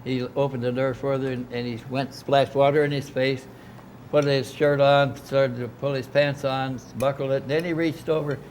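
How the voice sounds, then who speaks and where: An older man spins a long, meandering story in an easy conversational way, doubling back and restarting his sentences as he goes. His voice sits at an ordinary pitch, and a faint hiss runs under the recording. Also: level tone, moderate pace, a little mellow. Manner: rambling, anecdotal, frequent restarts. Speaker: interview guest. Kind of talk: casual storytelling. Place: club dining room.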